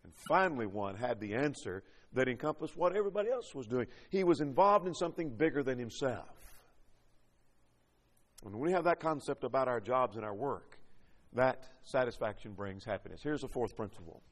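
A man's voice: mid-range voice, lively intonation, normal speed. Emphatic preacher man in a reverberant hall. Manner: preaching with rising and falling emphasis. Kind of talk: sermon.

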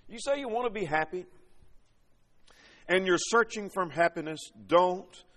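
Man, preacher, sermon, lively swooping delivery, slightly high voice, long hall reverb. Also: measured pace. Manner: preaching with rising and falling emphasis.

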